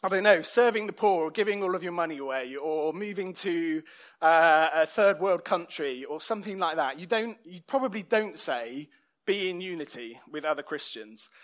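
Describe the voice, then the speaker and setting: A man's voice: high-pitched, animated, moderate pace, fairly bright tone. A man preaching a sermon in a conversational, self-deprecating way.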